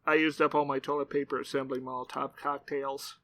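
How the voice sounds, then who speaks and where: A man's voice: medium pitch, flat delivery, brisk, a bit bright. A man co-hosting a comedic podcast, tossing out absurd, grandiose claims with a straight face. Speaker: podcast co-host.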